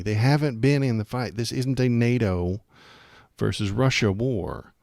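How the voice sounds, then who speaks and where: A man's voice: mid-range voice, measured pace, creaky, darkish tone, no room sound, studio quality. A man hosting a political livestream, chatting casually and rambling with jokes and lots of fillers.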